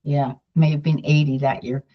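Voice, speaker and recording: A woman's voice: low-pitched, little pitch movement, moderate pace. An older woman from Canada chatting casually to her viewers, wandering off on side points and repeating herself. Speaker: political vlogger. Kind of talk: casual talk to camera. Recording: dull lo-fi sound.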